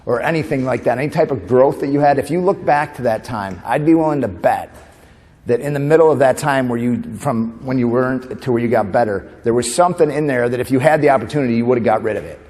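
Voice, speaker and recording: A man's voice: medium pitch, quick pace, a little mellow. A man from New York giving a humorous motivational keynote, talking conversationally and quizzing the audience with "right?". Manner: conversational, asks the audience questions, tag "right?". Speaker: motivational speaker. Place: large conference hall. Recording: long reverb of a conference hall.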